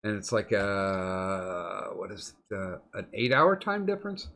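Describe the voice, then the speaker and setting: A man's voice: low voice, sing-song, a little slow, a bit bright. A middle-aged man hosting a podcast, telling long rambling stories in casual chat, swearing often. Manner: profane, rambling storyteller. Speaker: podcast host.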